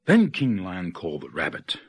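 A man reading a children's picture book aloud as the storyteller, with expressive delivery and playful sound effects. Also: sits low, moderate pace, very noisy.

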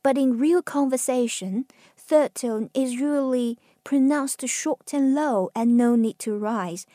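A woman from China with a Chinese accent, teaching Mandarin tones with patient, drawn-out model words. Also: high voice, warm tone, no echo, clean studio sound. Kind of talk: slow pronunciation lesson.

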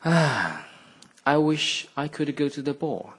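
A poor, gentle young girl speaks timidly and wistfully in a high storybook voice, as a man reads her. The tone is soft and a little breathy. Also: very animated, slow pace, full character voice.

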